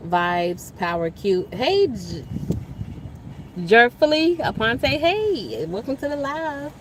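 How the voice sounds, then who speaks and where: A young woman hosts a casual live stream outdoors while walking, chatting in a laid-back, slangy way, laughing often, reading viewer comments and talking while she eats. Her voice is a little high with big pitch swings, she takes it slowly, and the background is noisy.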